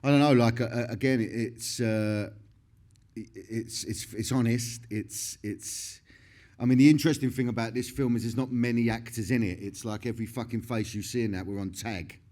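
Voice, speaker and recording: A man's voice: mid-range voice, steady tone, normal speed, darkish tone. A middle-aged man, talking in a candid stage interview, swearing constantly, laughing often and restarting his sentences. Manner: profane, laughing, rambling with many restarts.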